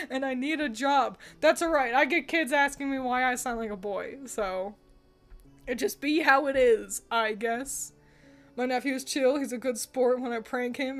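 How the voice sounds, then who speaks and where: A woman streamer chatting casually, ranting bluntly with profanity and frequent laughter. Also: fairly high pitch. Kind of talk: casual livestream chat.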